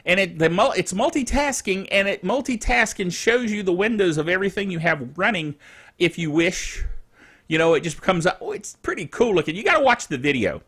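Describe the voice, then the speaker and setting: Middle-aged male tech-news host, high voice with lots of swing, chatty and rambling, chuckles between thoughts. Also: sing-song, brisk, a bit bright, breathy edge. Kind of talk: casual tech news chat.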